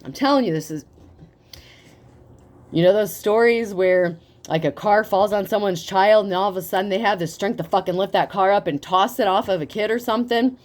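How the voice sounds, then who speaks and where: A woman giving a casual tarot reading, talking in a profane, animated way and laughing often. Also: mid-range voice, normal speed. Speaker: tarot reader.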